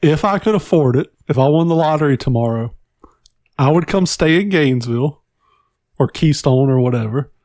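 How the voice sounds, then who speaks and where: Blunt higher-voiced man cursing. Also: animated, normal speed, darkish tone, dry recording, clean studio sound. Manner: blunt, defiant, profane. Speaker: podcast co-host. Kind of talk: casual chat.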